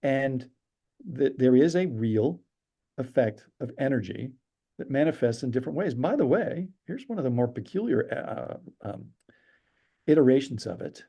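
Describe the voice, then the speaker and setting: A man telling stories as a podcast interview guest, animated and acting out the people he quotes. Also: medium pitch, moderate pace, vocal fry, husky, lo-fi sound. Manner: animated storyteller, acts out quotes. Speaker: storyteller guest. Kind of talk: casual interview chat.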